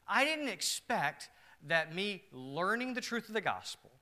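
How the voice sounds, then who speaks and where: An anguished early church man, as a preacher puts him on, his voice climbing high and pressing hard as he pleads. The tone is bright and forceful, and the words tumble out in strained protest. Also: big pitch swings, unhurried, heavily acted. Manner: pleading, rising in pitch and force.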